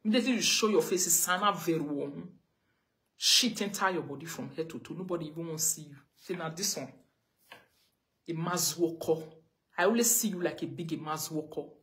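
A woman's voice: deep voice, a little fast, fairly bright tone. A woman with a Nigerian accent, ranting on a live video and scolding someone with the same pointed questions again and again. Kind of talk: confrontational live rant.

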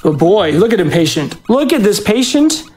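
Man coaxing his dog with lively pitch. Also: normal speed, faint music behind. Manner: coaxing, doting commands to a dog. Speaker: speedrunner handling a dog. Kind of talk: live marathon speedrun talk.

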